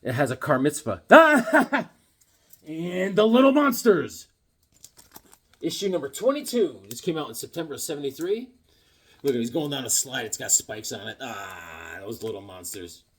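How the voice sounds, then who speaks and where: A man showing off his comic books in a casual vlog, animated and joking, with corny puns and sudden yelps. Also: medium pitch, fairly quick, slightly rough. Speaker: comic book vlogger. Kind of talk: casual show-and-tell chat.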